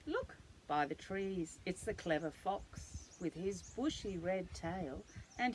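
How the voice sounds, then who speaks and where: An older woman, a grandmother, reading a children's bedtime picture book aloud to her grandchild, gently and expressively, with playful animal noises. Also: lowish voice, expressive, takes it slowly, a little hiss or hum, low-quality recording.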